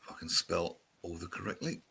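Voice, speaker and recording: A man's voice: low voice, expressive, brisk, vocal fry, sharp tone, slight background noise. A man hosting a casual chat show, chatty and reading out viewer comments. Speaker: show host.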